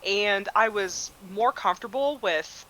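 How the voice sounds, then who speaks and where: A woman's voice: mid-range voice, a little slow, sharp tone, rough recording. A woman guest in a casual interview, explaining her process in a thoughtful, easygoing, self-deprecating way. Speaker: guest designer.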